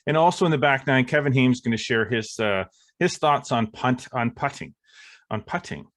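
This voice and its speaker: A man's voice: mid-range voice, normal speed, fairly bright tone. A man from Eastern Ontario co-hosting a casual golf podcast, rambling with lots of fillers and an upbeat tone. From Eastern Ontario, Canada. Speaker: podcast co-host.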